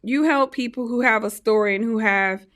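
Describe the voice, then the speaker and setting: A woman hosts a casual podcast interview and cheers her guest on as she goes. She keeps an upbeat, chatty manner. Her voice is pitched fairly high and has a sharp, bright edge. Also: normal speed. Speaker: podcast host.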